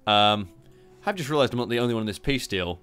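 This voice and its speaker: Aussie guy rambling thru a strategy game, swears a lot, pitch jumps all over, faint music behind. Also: expressive, quick pace, fairly bright tone, clean tone. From Australia. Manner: rambling, swears often, chuckles, mocking asides. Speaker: gaming channel host. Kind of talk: casual strategy game commentary.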